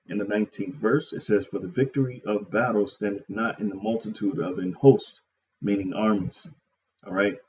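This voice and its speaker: A man teaching scripture, reading verses slowly and explaining them in casual asides full of "all right" and "okay". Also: fairly low pitch, dull audio, a little hiss or hum. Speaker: preacher.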